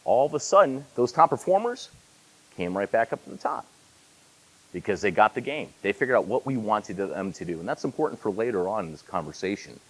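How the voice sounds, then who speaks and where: A man's voice: on the low side, sing-song, fairly quick, low-quality recording. A man in his forties giving a conference keynote, telling stories with self-deprecating asides. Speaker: keynote speaker. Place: conference hall.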